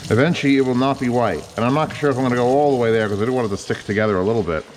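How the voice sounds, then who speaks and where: A man talks through his cooking in a home kitchen, rambling from one aside to the next and swearing casually. His voice sits at a middling pitch. A faint hiss runs under the recording. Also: racing, big-room sound. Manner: rambling, profane, chatty asides. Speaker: home cook vlogger.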